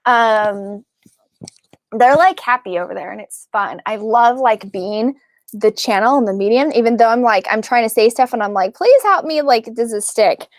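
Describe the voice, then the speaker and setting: Chatty, excitable woman medium. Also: fairly high pitch, normal speed, no echo. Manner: chatty and excitable, many fillers and likes. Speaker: psychic medium. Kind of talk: casual spiritual talk to camera.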